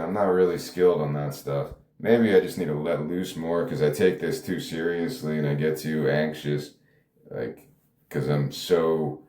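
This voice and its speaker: A man with an exceptionally deep, low voice talks alone on his podcast. He rambles off the cuff, running himself down and chuckling now and then. The sound carries the echo of a reverberant room. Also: a little mellow. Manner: rambling, self-deprecating, laughs often. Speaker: podcast host. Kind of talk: casual solo monologue.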